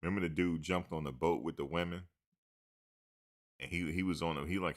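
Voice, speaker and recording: A man's voice: low voice, fairly even intonation, a little fast. A man hosting a sports talk show, rambling casually with slang and joking asides.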